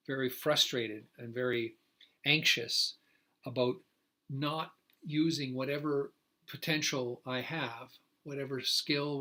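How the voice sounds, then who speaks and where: A man's voice: medium pitch, pushed and bright. An older man who calls himself an activist, talking alone on a livestream, rambling emotionally with restarts, choking up and bursting into indignant outrage. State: choked up. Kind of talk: solo livestream monologue.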